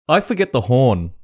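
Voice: medium pitch, husky. A podcast host in casual chat who laughs often and tells stories animatedly. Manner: laughs a lot, giggly and animated.

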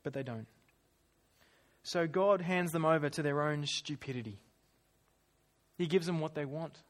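A man preaching a sermon, animated and acting out quoted voices, then dropping to quiet asides. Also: a little high, a little slow.

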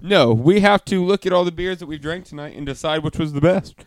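A man's voice: a little high, brisk. A man co-hosting a casual beer-tasting podcast, joking and laughing often while reading beer labels aloud. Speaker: podcast co-host.

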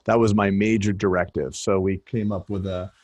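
A man's voice: deep voice, steady tone, moderate pace, a little mellow, no echo. A man in his thirties, a podcast co-host, sharing thoughts in an earnest, wordy way. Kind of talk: casual conversation.

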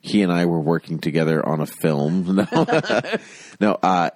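A man with a very deep voice talks through a film's awards in casual banter. He is dry and teasing and laughs at his own jokes. The sound is close and dry. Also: very animated, unhurried, dry recording. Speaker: podcast co-host. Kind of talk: casual chat about films.

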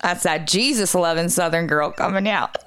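A woman co-hosting a podcast in casual chat, blunt and quick to chime in with agreement. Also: lowish voice, fairly bright tone, clean tone. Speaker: podcast co-host.

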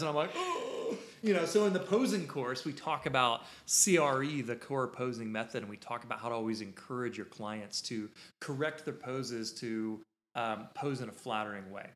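A man's voice: medium pitch, moderate pace, a bit bright. A man hosting a podcast, telling a casual story in a rambling, self-interrupting way. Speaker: podcast host. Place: podcast studio. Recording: echoey room.

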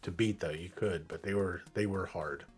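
Laid-back podcast co-host, man, low and husky. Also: normal speed, faint music behind. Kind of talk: casual podcast chat.

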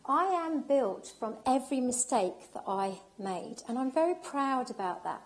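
A woman's voice: sits high, big pitch swings, unhurried. A woman giving an emotional, heartfelt personal talk at an event, speaking with emphasis and repetition.

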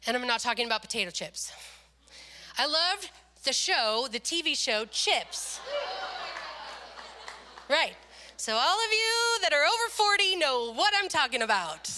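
Middle-aged woman preacher; bright, forward tone, expressive sermon storytelling. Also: very high-pitched.

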